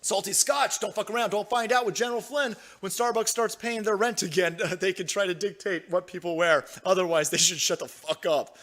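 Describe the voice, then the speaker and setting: A man's voice: sits high, steady tone, a little fast, few pauses, a bit bright. A young man hosting a livestream, ranting profanely about politics and reading out viewer chat. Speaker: livestream host.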